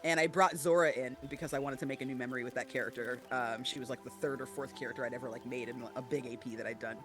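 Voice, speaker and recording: A man guesting on a podcast, chatting casually and telling animated, profane stories with frequent laughter. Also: medium pitch, quick pace, music in the background. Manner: animated, profane storyteller who laughs often. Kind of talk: casual chat.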